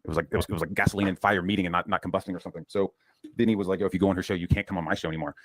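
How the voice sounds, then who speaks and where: Fast-talking low-voiced man ranting. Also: steady tone, dry recording. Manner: profane, rambling, frequent restarts. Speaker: comics channel host. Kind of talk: casual storytelling rant.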